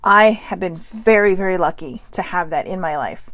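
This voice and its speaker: A woman talks straight into a close, dry mic in a loose, rambling pep-talk style. Her throat sounds scratchy and she keeps clearing it. She is full of "you know"s and casual swearing. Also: on the low side, animated, moderate pace, fairly bright tone, no echo. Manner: chatty and rambling, swears freely, many "you know" fillers. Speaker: vlogger hosting a daily live video.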